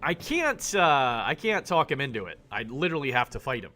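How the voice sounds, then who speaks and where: A man streaming a game, reading its text aloud and reacting loudly, swearing at bad dice rolls. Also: mid-range voice, sing-song, fairly quick, soft background music.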